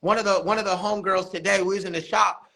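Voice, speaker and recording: A man, a barber and basketball coach, telling animated stories in a casual interview, acting out quotes. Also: high-pitched, fast, gravelly. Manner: animated storytelling, laughs often, acts out quotes.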